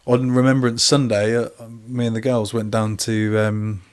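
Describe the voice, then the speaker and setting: A man's voice: medium pitch, flat delivery, moderate pace, clear, resonant tone. A man co-hosting a casual online show over a video call, chatty and teasing, often laughing. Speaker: co-host. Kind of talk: casual chat.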